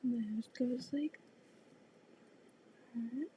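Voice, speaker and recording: A woman in her thirties, a vlogger, chats casually while sewing indoors in her home sewing room. Congested with a cold, she sounds nasal and a little high, talking very slowly and softly, often half-whispering, over a little hiss or hum.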